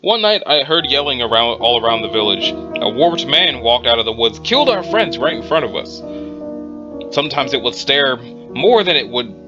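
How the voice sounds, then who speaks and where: A man playing a calm male witness quietly recounting his dealings with a monster in a measured voice. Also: mid-range voice, highs cut off, music in the background, natural voice.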